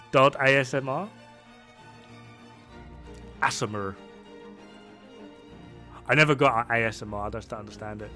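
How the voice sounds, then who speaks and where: A man rambles through casual chat while he plays a game and laughs often. His voice is bright and sits at an ordinary pitch for a man. Faint music plays behind him. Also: fairly even intonation, normal speed, pauses often. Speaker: gaming streamer.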